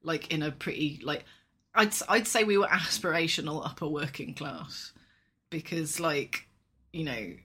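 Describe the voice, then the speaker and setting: A woman's voice: low-pitched, normal speed, sharp tone, husky. A woman co-hosting a casual podcast chat, with a light Yorkshire accent, rambling with lots of fillers. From England, Yorkshire. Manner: chatty, rambling, frequent fillers and laughs. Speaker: podcast co-host.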